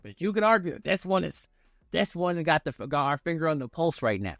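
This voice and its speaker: A man's voice: fairly high pitch, sing-song, a little fast, gravelly, fairly bright tone, no room sound, studio quality. A young man giving a casual, profane, slang-filled review of a wrestling event as the channel's host.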